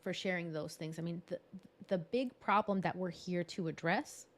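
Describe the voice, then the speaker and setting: A bilingual English and Spanish speaker, this woman talks at normal speed in a fairly low voice while presenting a live workshop online via video call. She's chatty and encouraging and readily laughs at herself.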